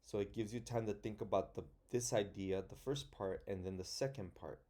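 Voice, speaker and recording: A man teaching young children an online phonics and spelling lesson, slow and patient, sounding words out letter by letter. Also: on the low side, warm tone.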